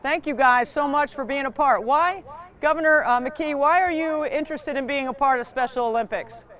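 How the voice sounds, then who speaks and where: A woman's voice: sits high, moderate pace, a bit bright, lo-fi sound. A woman with a Southern US accent, upbeat and chatty, hosting a live charity stream.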